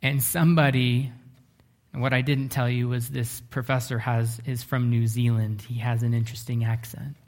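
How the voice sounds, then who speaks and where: A man preaching a sermon, telling a story earnestly, slowing down and dropping to a hush for emphasis. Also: medium pitch, little pitch movement. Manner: earnest, often slows down and drops to a hush for emphasis. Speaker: pastor.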